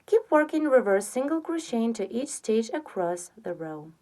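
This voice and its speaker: A woman giving a step-by-step crochet tutorial, patiently counting stitches aloud and softly trailing off on the counts. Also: on the high side, very animated, normal speed. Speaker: crochet instructor.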